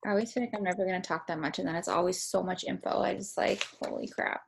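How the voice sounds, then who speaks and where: Brief: chatty woman with vocal fry leading a team video call. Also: on the low side, steady tone, fast, slight background noise. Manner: chatty, filler-heavy, casual swearing. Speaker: team leader running a call.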